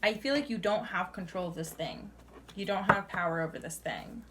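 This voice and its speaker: A young woman gives a tarot reading to the camera in a medium-pitched voice at a moderate pace, sounding earnest and chatty and sighing now and then between cards. Heavy noise sits in the background.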